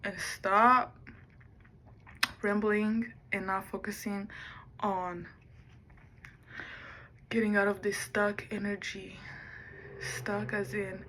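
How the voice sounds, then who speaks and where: A woman vlogs in an unhurried, drawn-out way, thinking aloud and wandering from one subject to the next. Her voice sits at an ordinary pitch. A faint hum of background noise runs under her talk. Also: level tone, pushed and bright, rough recording. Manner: musing, self-talking, drifts between topics. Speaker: vlogger. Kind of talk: rambling personal vlog.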